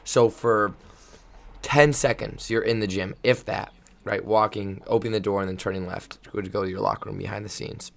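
A volleyball coach chats casually on a podcast, wandering through stories and restarting often. His fairly low voice is creaky and a little fast, and he tells things in an animated, rambling way.

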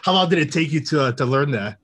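A man hosting an interview, asking questions in a halting way with many fillers. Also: fairly high pitch, animated, fairly bright tone, husky. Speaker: podcast host.

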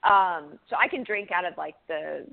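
A woman's voice: lowish voice, normal speed, vocal fry. A woman being interviewed as an author, talking casually and chattily with frequent laughs, fillers and restarts. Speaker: guest, author. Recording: phone-like band-limited audio.

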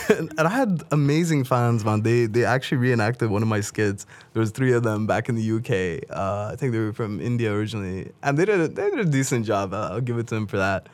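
A very deep-voiced man talks easily as a guest in a casual interview. He is chatty and tells stories with frequent laughs. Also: fast talker, few pauses. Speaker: guest, comedian.

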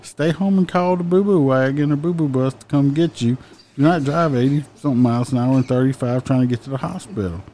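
A man's voice: mid-range voice, a little fast, a little hiss or hum. A man who used to be a police officer tells his work stories in casual chat, blunt and profane. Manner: blunt, profane, mimics people loudly.

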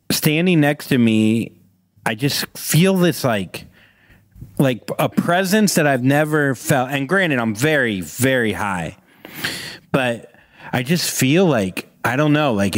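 A man's voice: mid-range voice, dry recording. Male podcast guest, casual rambling storyteller, close dry mic. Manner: rambling, animated anecdote with acted-out quotes.

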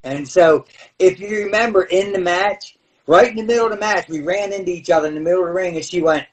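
Give me a lively ex-wrestler with a high voice telling stories. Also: male voice, fast, far from the mic, rough recording. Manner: animated, acts out voices and shouts. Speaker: former pro wrestler. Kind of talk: storytelling in a podcast interview.

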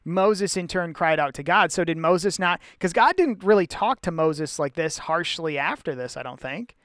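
Man co-hosting a casual bible study, high and clean-voiced, thinks aloud in stops and starts. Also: animated, normal speed, a bit bright, clear, resonant tone, no echo, studio quality. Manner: thinking aloud with many restarts. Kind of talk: casual chat.

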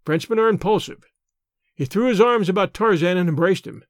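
A man narrating an audiobook adventure in a steady, clear storytelling delivery. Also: sits high, brisk, no echo, studio quality. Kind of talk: scripted narration.

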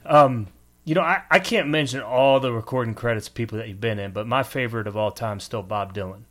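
A male interviewer in casual chat, nudging his guest along with brief prompts. His voice sits at an average pitch for a man. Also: fast, a bit bright. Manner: encouraging, short prompts.

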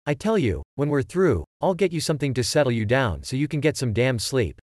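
A man voicing a gruff older man who is shaken but tries to calm a younger one. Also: medium pitch, brisk, no room sound, clean studio sound, close to an everyday voice. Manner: gruff, consoling, insistent.

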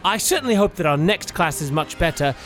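A man's voice: fairly high pitch, lively intonation, fairly quick, a bit bright, faint music behind. A man co-hosting a comedic parody story reading, playful and goofy. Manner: playful, goofy character voices. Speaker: co-host.

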